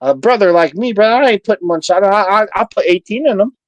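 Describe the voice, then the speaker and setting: A man's voice: high-pitched, fast talker, dull audio. A man chatting casually on a livestream panel, boisterous and profane, bragging and joking.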